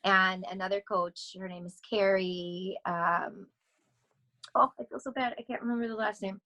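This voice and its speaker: A middle-aged woman talking casually as a podcast guest, rambling and animated, often laughing as she speaks. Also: mid-range voice, moderate pace, rough recording. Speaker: podcast guest, vocal coach. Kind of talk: casual interview chat.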